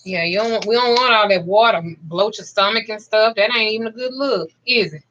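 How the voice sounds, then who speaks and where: Chatty Southern woman, 40s, forceful bright tone, plain-spoken vlogger. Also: medium pitch, brisk, highs cut off, a little hiss or hum. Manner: chatty, blunt, swears freely. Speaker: spiritual practitioner. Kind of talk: casual vlog chat.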